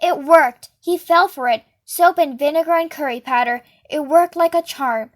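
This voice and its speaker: A woman's voice: high-pitched, moderate pace, darkish tone, lightly acted. A woman reading aloud and voicing a small, clever boy who talks in a fierce, bold way. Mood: triumphant.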